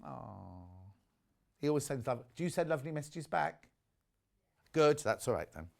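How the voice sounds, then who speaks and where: A man presenting on a live shopping channel, chatting warmly about fabrics and reading out viewer messages. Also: a little high, animated, normal speed, gravelly. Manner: chatty, gushing over products, reads viewer messages aloud. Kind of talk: live TV sales chat. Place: TV studio.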